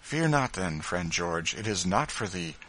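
A man voicing a grave and kindly Quaker father in a storybook reading, steady and firm in his speech. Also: deep voice, a little slow, exaggerated voice, poor audio.

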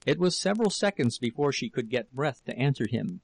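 A man narrating an audiobook of a novel in a measured, steady storytelling manner. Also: medium pitch, gravelly, no echo, poor audio.

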